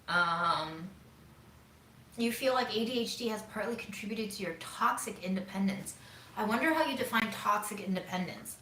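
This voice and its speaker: A woman hosting a casual livestream, reading and answering viewer comments in a relaxed, musing way with many "um"s and some half-whispered asides. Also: medium pitch. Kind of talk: casual chat. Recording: echoey room with faint ambient noise.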